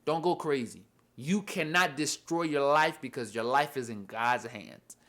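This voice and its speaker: A man's voice: medium pitch, measured pace, fairly bright tone. A young man giving a casual, earnest Bible lesson, rambling and repeating "you know what I mean.". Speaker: Bible study teacher. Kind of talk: casual devotional talk.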